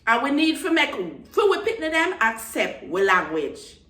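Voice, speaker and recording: Jamaican lady chatting to camera, mixes in patois, higher voice, kinda far from the mic. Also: sing-song, unhurried, bright, forceful tone. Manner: passionate, mixes Patois phrases into English. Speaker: vlogger. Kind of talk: casual chat to camera. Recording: roomy echo, mic at a distance.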